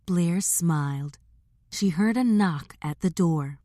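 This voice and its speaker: A woman reading a romance audiobook aloud, measured and steady. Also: lowish voice, dry recording, clean studio sound. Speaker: audiobook narrator. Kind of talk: scripted audiobook narration.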